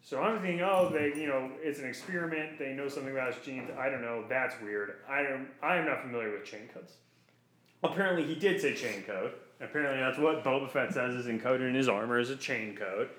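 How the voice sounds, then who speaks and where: A man co-hosting a casual podcast, talking in an animated, playful way full of rambling asides. His voice sits at an ordinary middle pitch. The recording has a noticeable roomy echo. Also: fairly quick. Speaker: podcast co-host. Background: dog heard at times.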